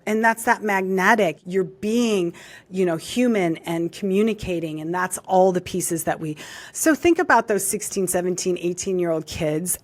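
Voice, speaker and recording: A middle-aged woman speaks as a guest in an interview. She talks in an animated, expressive way and lively acts out the reactions she quotes. Her pitch sits in the middle for a woman. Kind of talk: interview conversation.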